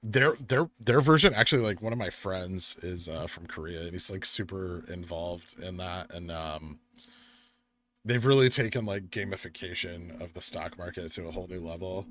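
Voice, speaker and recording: A young American man with a very low voice hosts a live stream. He sounds tired and talks in a loose, rambling way, answering the chat as he goes through the charts. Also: fairly even intonation, normal speed, hardly any pauses, a bit bright. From United States. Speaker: livestream host.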